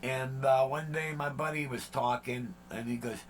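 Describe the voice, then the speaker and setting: A man's voice: mid-range voice, steady tone, moderate pace, slight background noise. A man, chatting casually as a vlog host, rambling and joking with lots of fillers and asides. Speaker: channel host.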